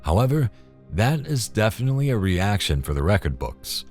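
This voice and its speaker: A man's voice: on the low side, very animated, normal speed, darkish tone. A man narrating scripted commentary in a dry, disapproving manner. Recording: voice-over with faint music.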